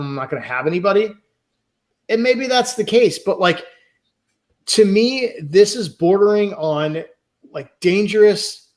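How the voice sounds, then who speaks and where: High-voiced man on an angry rant. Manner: heated, ranting, swears. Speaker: podcast co-host. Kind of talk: casual podcast chat.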